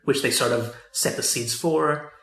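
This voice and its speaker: Bright-voiced rambling man in echoey room. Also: mid-range voice, measured pace, creaky. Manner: rambling, many fillers and restarts. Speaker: podcast co-host. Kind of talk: casual chat about movies.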